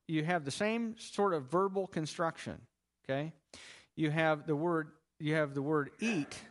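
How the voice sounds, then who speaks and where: Animated, lively-voiced male Bible teacher. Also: on the high side. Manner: animated, emphatic, explains step by step.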